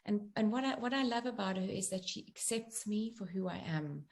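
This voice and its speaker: A middle-aged woman, a guest author and coach, talking in a gentle, earnest, reflective way and explaining through personal examples. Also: mid-range voice, expressive, fairly quick. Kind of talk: reflective interview talk.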